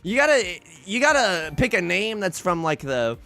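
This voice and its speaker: This man livestreams and chats casually, spinning rambling, animated stories packed with restarts, swearing and asides. His voice sits high and has a creaky quality, moving at a moderate pace.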